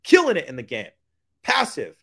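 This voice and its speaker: A man giving a hyped motivational business pitch, using street slang and repeating lines for emphasis. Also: huge pitch swings, moderate pace, creaky, sharp tone, husky. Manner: hyped, keeps calling out to "guys". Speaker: business coach.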